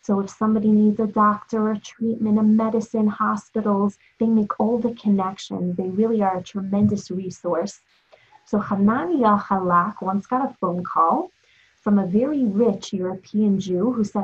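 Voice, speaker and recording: A woman's voice: medium pitch, moderate pace, breathy edge. A woman giving an inspirational Torah talk, telling stories and asking rhetorical questions. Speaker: Torah teacher. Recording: dull lo-fi recording.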